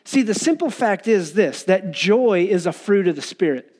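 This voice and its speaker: A man's voice: high voice, lively intonation, moderate pace, a little mellow. A man preaching an earnest, conversational sermon, acting out people's complaints as he goes. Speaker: pastor.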